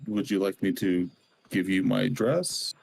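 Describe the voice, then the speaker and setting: A man's voice: deep voice, measured pace, creaky, darkish tone, husky. Hesitant young man playing a tabletop game. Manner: hesitant, stammering. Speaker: player. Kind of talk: casual tabletop role-play.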